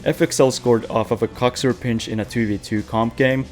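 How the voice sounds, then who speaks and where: A man's voice: medium pitch, fairly even intonation, moderate pace, faint music behind. Playful young man hosting game news. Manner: playful, jokey, self-mocking. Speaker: host of a game news show. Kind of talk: casual gaming news roundup. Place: away from home. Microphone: webcam.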